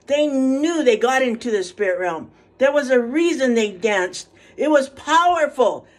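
A woman in her seventies, alone in a small apartment, preaching fervently in a monologue recorded for social media. She breaks into hallelujahs and moves between hushed prayer and high calls. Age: 70s. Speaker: Facebook video speaker.

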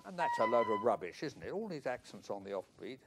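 A man's voice: mid-range voice, wildly swooping pitch, a little fast. An older man coaching a student in a music masterclass, singing phrases in nonsense syllables to show how they should go. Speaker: flute teacher. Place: music school classroom. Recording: live music over speech. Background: flute and piano playing.

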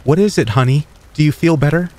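A man's voice: fairly high pitch, brisk, warm tone, voice pushed up, lightly acted. A man voicing a worried, caring mother who fusses over her sick child in a horror story. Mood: tender.

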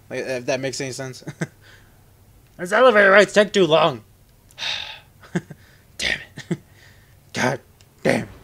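A man giving casual let's play commentary, joking and rambling, with sudden loud yelps, while sick. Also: fairly high pitch, a little hiss or hum. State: sick, on medication.

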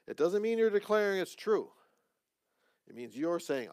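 A man teaching a conversational sermon as pastor in a church, with joking asides and quick restarts. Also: sits high, sing-song, darkish tone, dry recording.

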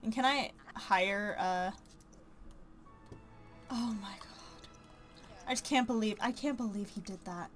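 A young woman giving excitable let's play commentary, gasping and exclaiming dramatically over the game. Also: medium pitch, takes it slowly, long pauses, soft background music. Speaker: gaming YouTuber.

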